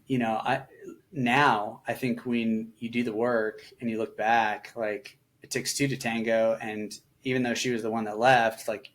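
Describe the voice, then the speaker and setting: A middle-aged man, a veteran guest on a podcast, telling personal stories candidly and reflectively, with lots of filler words and small voice shifts when he quotes people. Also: mid-range voice. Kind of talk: personal storytelling in a casual conversation.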